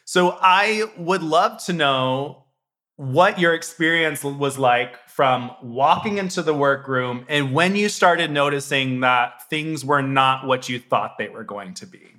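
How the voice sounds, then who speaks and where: A man interviewing a guest, asking long, halting questions full of restarts. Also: on the high side, bright, forceful tone.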